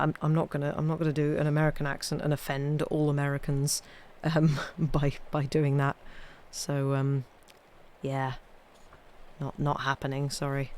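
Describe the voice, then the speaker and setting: Wry woman reading ghost stories. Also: low voice. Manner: chatty, wry, trailing off quietly. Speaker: storyteller streaming live readings. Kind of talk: reading ghost stories aloud with casual chat between.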